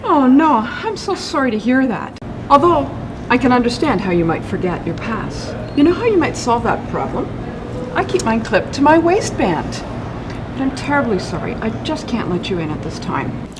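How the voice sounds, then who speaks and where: A woman's voice: medium pitch, big pitch swings, a little fast, noisy background, natural voice. A woman acting a comically over-apologetic, polite Canadian woman in a comedy sketch. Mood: fretting. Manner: gushing, endlessly apologetic.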